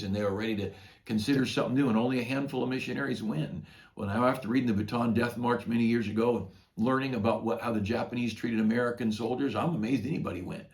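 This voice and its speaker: A man's voice: mid-range voice, darkish tone. An older man, a pastor, retelling a Bible story in a folksy, conversational devotional talk.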